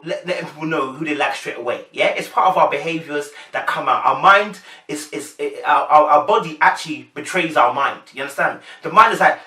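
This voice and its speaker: A young Londoner with a slightly high, sharp-toned voice offers chatty reaction commentary straight to his viewers, packed with slang. He's far from the mic in an echoey room.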